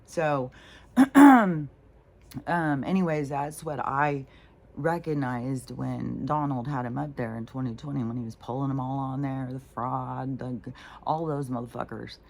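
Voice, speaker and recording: A woman's voice: a bass voice, a little slow, vocal fry, a little mellow. A middle-aged woman talking casually and bluntly, rambling with lots of fillers and swearing. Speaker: spiritual vlogger.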